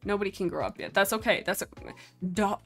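Young female streamer, bright excitable chatter with gasps and laughs, soft game music underneath. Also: medium pitch, fast. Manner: excitable, giggly, gasping, voices the pets' thoughts. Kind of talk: casual gameplay commentary.

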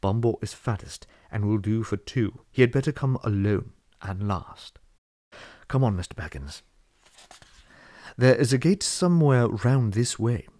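A man's voice: fairly low pitch, animated, measured pace, dark tone, dry recording. A man reading a courteous old wizard.

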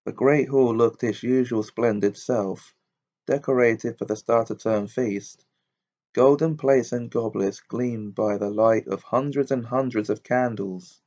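A man reading a fantasy novel aloud as an audiobook narrator, in a steady, measured way. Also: medium pitch. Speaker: audiobook reader. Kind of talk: storybook narration. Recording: dull lo-fi audiobook recording.

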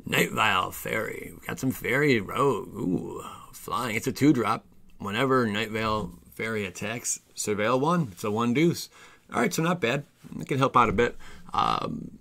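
Excitable gravelly-voiced man reviewing cards. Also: medium pitch. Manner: excitable, reads card text aloud, stumbles over words. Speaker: card game channel host. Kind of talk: casual spoiler review.

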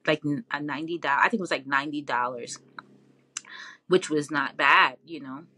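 A woman guest in a casual interview, telling her story in an animated way with lots of laughs and fillers. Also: sits low, brisk. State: tearful, near crying.

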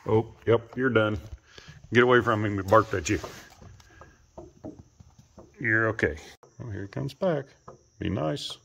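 A man filming his pets and talking to them casually, coaxing and scolding, and jumping into high baby talk. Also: slow, vocal fry, long pauses, fairly bright tone, dull audio, a little hiss or hum. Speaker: pet owner filming his animals.

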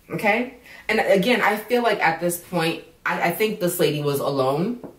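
A woman's voice: fairly low pitch, brisk, a bit bright. A woman vlogger in casual commentary, outspoken and indignant, swearing freely. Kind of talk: casual commentary on a news story. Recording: roomy echo, voice from a distance.

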